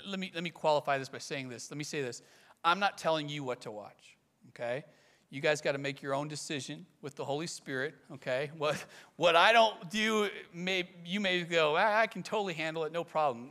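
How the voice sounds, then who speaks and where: Bright, high-voiced man preaching. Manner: animated preaching, acts out quoted voices. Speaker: pastor. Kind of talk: sermon.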